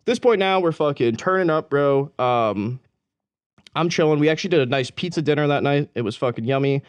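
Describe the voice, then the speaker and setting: A young man tells a long story on a podcast, rambling and profane, heavy on slang and quick laughs. His voice sits a little high, and the sound is dry and close. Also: clear, resonant tone, no echo. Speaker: podcast co-host.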